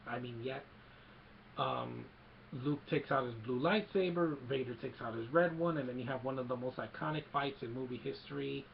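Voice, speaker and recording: Young man, casual film retelling, excited and rambling, gravelly voice, muffled recording, faint hum. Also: medium pitch, fairly quick. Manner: excited, rambling, many fillers and restarts. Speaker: film fan reviewer.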